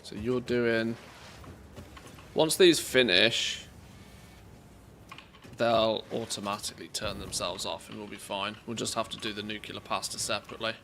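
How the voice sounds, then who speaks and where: A man's voice: lowish voice, fairly even intonation, a little slow, pauses often, a bit bright, slight background noise. A man streaming a game live, thinking aloud and chatting casually with his viewers. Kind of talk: casual live-stream commentary while playing.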